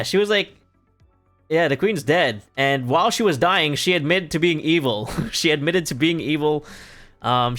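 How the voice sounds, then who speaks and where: A man's voice: mid-range voice, a bit bright. A man recapping a play on a live stream in casual talk, rambling and profane and laughing often.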